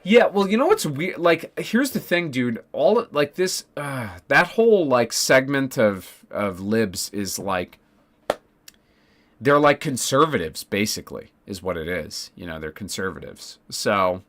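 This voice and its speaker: A man's voice: medium pitch, big pitch swings, measured pace, a bit bright. Rambling man ranting on a livestream. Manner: rambling, restarts often, swears. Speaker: political streamer. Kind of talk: casual livestream rant.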